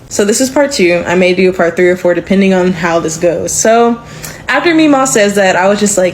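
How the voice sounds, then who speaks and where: A young woman telling a story in a casual, animated way. Her voice sits at a middle pitch, and she keeps breaking into quick impressions of other people. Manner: animated, swings into character voices. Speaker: storyteller in a short clip.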